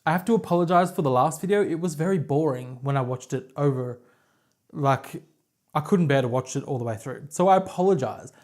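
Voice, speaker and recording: Sitting on her couch, an Australian knitting podcaster talks to camera in a deep, slightly mellow voice that runs a little fast. Her casual chat is rambling and self-deprecating.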